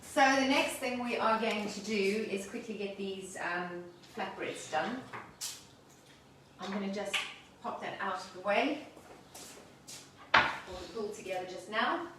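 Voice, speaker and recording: A woman's voice: medium pitch, a little slow, very noisy. A woman hosting a casual home cooking demonstration, chatting cheerfully as she works. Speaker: cooking show host. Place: home kitchen. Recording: echoey room, mic far off.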